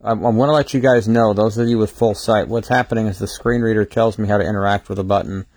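A tired, sleep-deprived man hosting a casual livestream, talking haltingly with many fillers and restarts. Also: on the low side, fairly even intonation, darkish tone, no echo. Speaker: livestream host.

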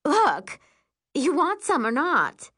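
A woman's voice: high voice, very animated, unhurried, voice pushed up. A woman voicing a sly, mean-spirited girl who speaks in a sugary, purring, mocking way.

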